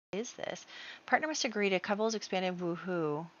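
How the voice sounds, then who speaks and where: A woman's voice: mid-range voice, a little fast, no room sound. Chatty woman narrating a game. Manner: chatty, rambling, many fillers. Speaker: gaming video creator. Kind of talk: casual let's-play commentary. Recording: dull lo-fi dry recording.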